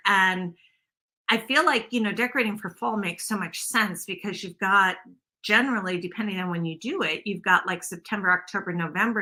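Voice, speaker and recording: A woman's voice: mid-range voice, sharp tone. A woman hosting a casual craft livestream, rambling and self-deprecating as she chats with viewers. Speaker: craft video host.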